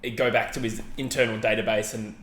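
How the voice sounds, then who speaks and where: A man's voice: fairly low pitch, level tone, quick pace, a bit bright. A man co-hosting a podcast, chatting casually and hedging as he rambles and corrects himself. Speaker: podcast co-host. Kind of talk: casual chat. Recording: roomy echo, faint background ambience.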